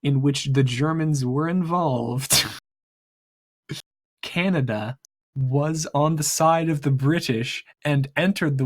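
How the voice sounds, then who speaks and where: A man with a husky, slightly breathy voice chats casually during a break in a tabletop game. He talks haltingly, repeating words and laughing through his sentences. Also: medium pitch. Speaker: player.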